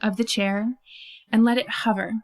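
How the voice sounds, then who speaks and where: A woman telling a first-person story on stage, animated and self-mocking, with lots of "like" and quick laughs at herself. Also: medium pitch. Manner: laughs at her own story.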